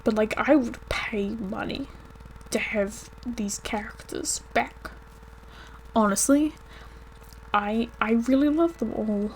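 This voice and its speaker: A woman chats her way through a video game stream in a casual, talkative way, laughing often. Her voice sits a little high, with a faint background hiss. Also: takes it slowly, pauses often. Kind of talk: casual gameplay commentary.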